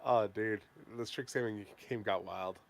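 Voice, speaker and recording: Gravelly young man chatting after a game. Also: on the low side, a little slow. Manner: animated storyteller, acts out his own reactions. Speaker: player. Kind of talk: casual chat between players.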